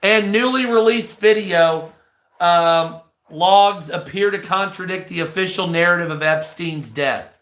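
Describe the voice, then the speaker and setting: A man hosts a casual livestream news commentary, reading headlines slowly with blunt opinions and frequent ums. His voice is high and bright. The room has a noticeable echo. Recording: roomy echo.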